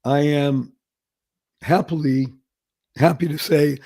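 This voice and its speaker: An older man hosting an interview, asking measured, probing questions. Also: a little high, steady tone, dark tone, husky. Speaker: host. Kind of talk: conversational podcast interview.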